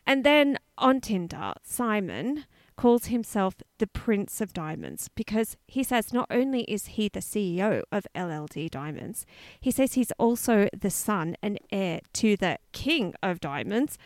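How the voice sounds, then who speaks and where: A woman's voice: mid-range voice, animated, a little slow, no echo, clean studio sound. A woman co-hosting a podcast, chatting casually and telling a story with lots of asides. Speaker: podcast co-host.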